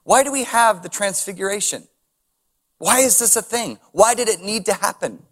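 A male pastor delivers a sermon in a relaxed, conversational way, with a voice that sits a little higher than most men's. He reads scripture, then breaks off into chuckling asides and strings of rhetorical questions. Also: moderate pace.

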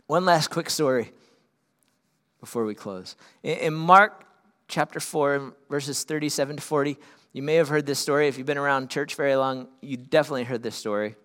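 A man preaching a sermon as pastor, swinging from loud, urgent peaks down to quiet, earnest lows. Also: normal speed.

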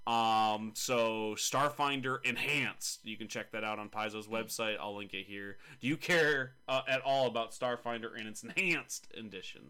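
Bright-voiced man hosting a podcast. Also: on the low side, fairly even intonation, moderate pace, few pauses, clean tone. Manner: chatty and jokey, teasing his co-hosts, with frequent laughs. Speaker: podcast host. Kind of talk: casual podcast chat about tabletop games.

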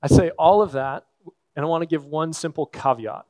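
A man preaching a sermon as a pastor, earnest and conversational, with thoughtful pauses. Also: on the high side, mellow, no echo.

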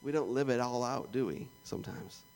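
A man's voice: mid-range voice, a little fast, a little mellow. A man with a Canadian accent preaching a sermon in a conversational, joking way, acting out little prayers and asides. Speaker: pastor.

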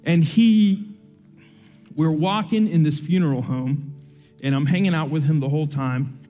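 A young man preaching to a church, telling a personal story with animated swings, then praying softly. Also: measured pace, soft background music. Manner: animated storytelling, soft and low in prayer. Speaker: pastor. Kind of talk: sermon with personal story and prayer.

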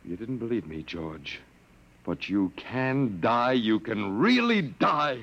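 A stubborn, weary human captive in a vintage radio play. His gravelly voice rises and falls widely, and the dull, lo-fi sound is that of an old broadcast. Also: fairly low pitch, sing-song, takes it slowly, fairly bright tone, full character voice. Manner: defiant, then pleading and shaken. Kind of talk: 1950s radio drama acting.

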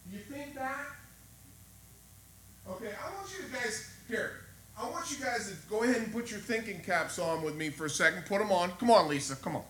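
A man delivers a sermon in a bright, high voice, talking to his listeners more than at them and firing questions at them. The recording is very echoey, as if captured in a large reverberant sanctuary, with a faint hum of room ambience underneath. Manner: conversational and animated, asks the room questions. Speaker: preacher.

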